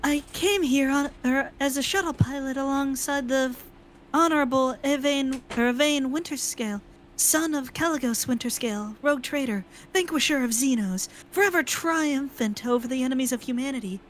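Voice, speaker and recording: Scared pale young pilot girl read out by a woman, anxious, voice up high. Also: moderate pace, a little hiss or hum, lightly acted.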